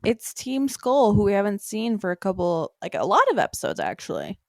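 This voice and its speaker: A woman's voice: medium pitch, huge pitch swings, fairly quick, gravelly, a little mellow, no echo, studio quality. A woman co-hosting a podcast, chiming in casually about a cartoon episode and giggling. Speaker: podcast co-host.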